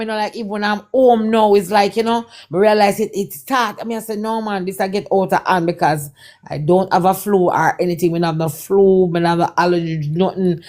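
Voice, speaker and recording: Speaking in a mid-range, darkish voice, a Jamaican guest performer recounts her own testimony with Patois running through her words. She retells parts over and over and voices the other people in the story as she quotes them.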